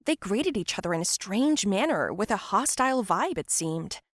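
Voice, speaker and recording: A woman's voice: mid-range voice, very animated, moderate pace, dry recording, clean studio sound. A woman narrating a first-person story and voicing all the other characters herself.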